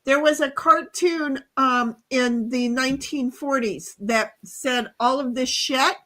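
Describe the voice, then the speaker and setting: A woman's voice: high-pitched, takes it slowly, bright, forceful tone. A woman co-hosting a casual livestream chat, ranting bluntly and swearing freely. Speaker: livestream co-host.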